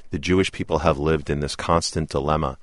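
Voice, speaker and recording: A man answering interview questions in an earnest, deliberate way. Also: rumbling low, steady tone. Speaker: interview guest.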